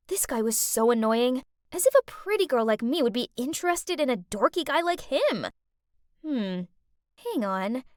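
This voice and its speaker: Young woman, animated-story narration, first person, dramatic, confiding, lively pitch, dry sound. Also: no room sound.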